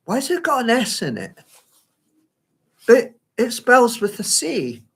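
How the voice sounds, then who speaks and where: Slow, lively-pitched man rambling to himself. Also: vocal fry, husky. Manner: rambling, flustered self-talk. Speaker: solo performer. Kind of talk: live solo performance monologue. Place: at home by a window.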